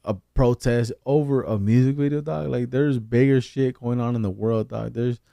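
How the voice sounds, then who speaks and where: A slangy, animated male comedian in easy podcast chat, tossing in street talk as he goes. His voice sits at a middle pitch and is recorded close and dry, with no room sound. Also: moderate pace, gravelly, no room sound. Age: adult with kids. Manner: slangy and animated, calls people fool and dog. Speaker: comedian guest.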